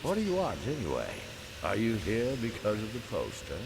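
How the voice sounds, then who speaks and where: A man's voice: lowish voice, wildly swooping pitch, brisk, vocal fry, noisy background, full character voice. An actor playing a cantankerous, pompous old man who scolds and sneers in game dialogue. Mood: irritated scolding. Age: older. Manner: indignant, scolding, sarcastic. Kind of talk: video game character dialogue.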